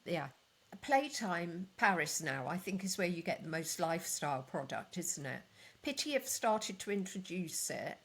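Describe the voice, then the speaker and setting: A woman co-hosting a podcast in casual industry chat, measured and matter-of-fact. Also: lowish voice, sing-song, fairly bright tone, slightly rough. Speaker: podcast co-host.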